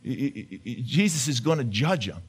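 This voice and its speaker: A man's voice: medium pitch, big pitch swings, normal speed, husky. A male pastor preaching a conversational sermon, questioning the congregation and often repeating his words.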